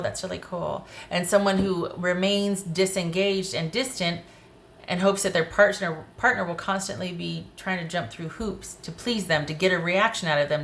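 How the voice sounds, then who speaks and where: A woman with a low-pitched voice reads tarot cards casually to camera. She is blunt and animated and speaks straight to the viewer. A faint hiss sits under the recording. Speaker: tarot reader.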